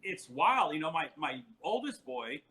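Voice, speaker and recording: A man in his forties, a podcast guest, telling family stories in casual chat, animated and laughing often. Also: a little high, a little slow, low-quality recording.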